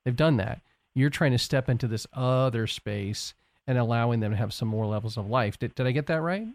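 A man hosting a talk show in a studio, reflective and animated, often checking that he understood. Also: mid-range voice, brisk, dry recording. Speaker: radio show host. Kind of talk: interview conversation. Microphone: studio microphone.

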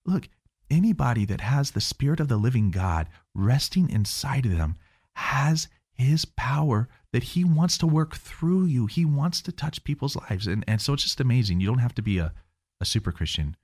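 A man's voice: medium pitch, moderate pace, slightly rough. A man, a guest minister, telling a story in casual chat and acting out the voices of the people in it. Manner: animated, acts out quoted voices.

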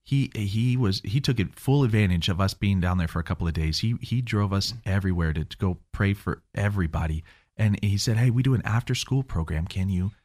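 A man's voice: low voice, fairly quick. A man, a guest minister, telling a story in casual chat and acting out the voices of the people in it. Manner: animated, acts out quoted voices.

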